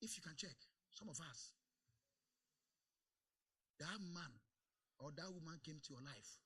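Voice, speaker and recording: A man preaching a sermon in a church service, calling for amens and swinging between quiet asides and loud exclamations. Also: fairly high pitch, lively intonation, unhurried, slightly rough. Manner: calls for amens from the congregation. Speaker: pastor.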